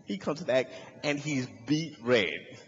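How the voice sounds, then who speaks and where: In a large hall with a live audience, a young man does stand-up at a slow pace, his voice breathy at the edges as he animatedly shouts out characters' voices in a high register while telling a story. The recording has a big-room sound and is dull.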